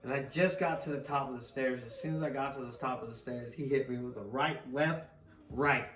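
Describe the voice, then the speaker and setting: A man's voice: mid-range voice, fairly even intonation, fairly quick, fairly bright tone. A middle-aged man, a father, casually telling a rambling story on a podcast, laughing often and swearing freely. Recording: roomy sound from a distant mic.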